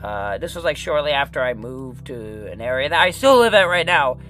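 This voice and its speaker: A man's voice: mid-range voice, sing-song, normal speed, fairly bright tone, soft background music. A young man giving casual, rambling commentary on his old animation, often correcting himself and laughing. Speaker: animation creator.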